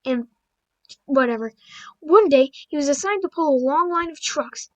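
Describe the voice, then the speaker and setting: A woman's voice: high voice, lively intonation, moderate pace, low-quality recording. A woman reading children's stories aloud and adding casual commentary, often tripping over words and breaking off for blunt asides. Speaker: video creator.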